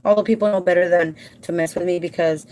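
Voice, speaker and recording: A woman who works as a home care provider, talking casually and warmly to her viewers from home, emotional and halting at times. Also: lowish voice, fairly even intonation, slight background noise. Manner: emotional and heartfelt, addresses viewers as "you guys"; halting with repeated restarts when upset.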